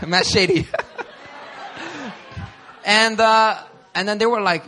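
A male pastor telling a personal story in a sermon, animated and conversational, often laughing. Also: high voice, slow, slight background noise. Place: church service before a congregation.

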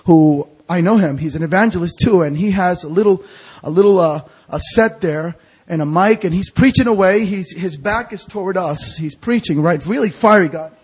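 A man preaching a storytelling sermon as an evangelist, animated and acting out the voices of people in his stories. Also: high-pitched, normal speed, slightly rough. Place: church sanctuary.

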